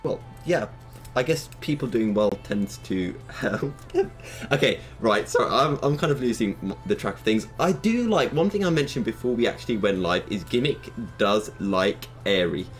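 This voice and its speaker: A man's voice: fairly low pitch, lively intonation, moderate pace, faint music behind. A man casting an esports match with playful, laughing banter. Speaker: esports caster.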